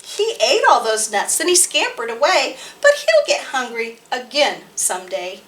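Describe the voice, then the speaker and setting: A woman hosting a library storytime, reading rhymes and picture books aloud to toddlers in a sing-song, expressive way. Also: fairly high pitch, normal speed, slight background noise. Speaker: children's library storytime host.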